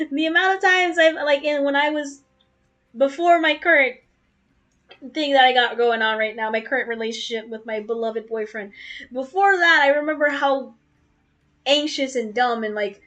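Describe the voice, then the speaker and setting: A woman's voice: high-pitched, normal speed, fairly bright tone, low-quality recording. A young woman reading a dating game aloud at home, breaking off to gush, giggle and fluster over the story. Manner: giggly, gushing, easily flustered. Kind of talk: casual game playthrough reading and commentary.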